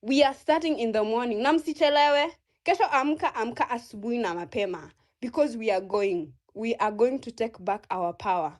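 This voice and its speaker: A woman's voice: on the high side, lively intonation, normal speed. Furious, swearing Kenyan woman rallying protesters. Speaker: speaker in an online audio space. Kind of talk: impassioned protest speech.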